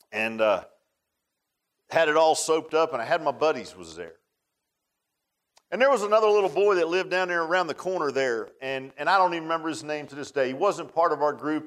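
A man preaching a sermon and telling a childhood story, folksy, moving between loud and hushed. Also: fairly high pitch, low-quality recording.

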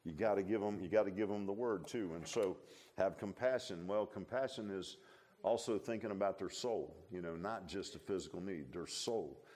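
Male pastor, middle-aged, low voice, chatty folksy sermon delivery. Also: normal speed, a little mellow. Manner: folksy, conversational preaching with asides.

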